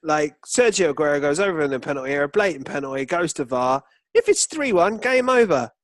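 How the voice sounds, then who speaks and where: A man co-hosting a sports podcast in casual chat, spinning jokey, drawn-out comic scenarios. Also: fairly high pitch, animated, fairly bright tone, no echo. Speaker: podcast co-host.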